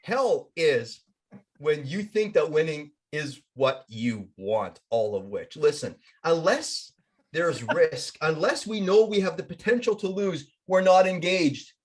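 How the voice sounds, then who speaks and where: An energetic, emphatic man on a podcast, his voice a bit high and swinging widely in pitch. He tells stories and makes his points with vivid, animated emphasis. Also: slow. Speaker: podcast guest and coach. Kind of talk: animated storytelling and plugs.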